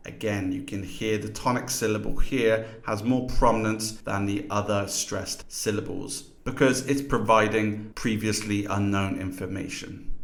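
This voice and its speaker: A man's voice: lowish voice, fairly bright tone. A man teaching a lesson in scripted narration, explaining terms and demonstrating pronunciations aloud.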